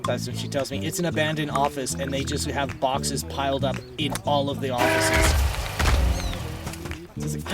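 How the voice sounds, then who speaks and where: A man's voice: mid-range voice, fairly even intonation, normal speed, vocal fry, distant mic. A man streaming live, telling a rambling, exasperated story in casual chat and swearing now and then. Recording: voice off-mic with loud music. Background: loud music.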